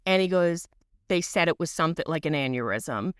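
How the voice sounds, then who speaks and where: A woman in her thirties, a podcast co-host, telling a long story in casual chat, animated and full of fillers and swearing. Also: low-pitched, fairly quick, clean tone. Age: 30s.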